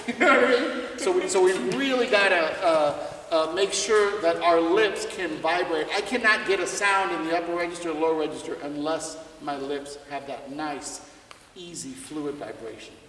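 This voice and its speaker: A visiting trumpet player runs a jazz clinic in a school music room or hall, his slightly high voice fairly bright. The recording is echoey and distant with slight background noise, and he keeps things conversational, laughing and posing questions to students.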